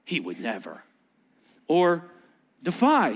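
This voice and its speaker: A male pastor delivering a sermon, animated and joking, acting out little voices and sarcastic asides. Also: on the high side, normal speed.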